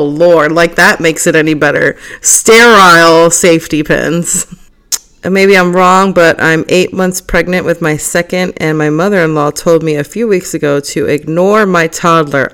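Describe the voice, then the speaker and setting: A young woman hosting a podcast alone, chatting casually and reading forum posts aloud, animated and laughing often. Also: low voice. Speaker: podcast host.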